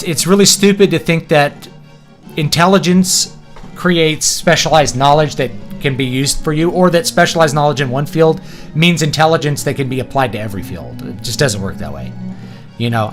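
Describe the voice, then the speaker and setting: A chatty man from East Texas talks while he plays a video game, wandering from one subject to the next and laughing easily. His pitch swings widely as he rambles. Soft game music plays faintly under his voice. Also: animated, normal speed. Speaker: streamer playing a video game. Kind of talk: casual gameplay commentary.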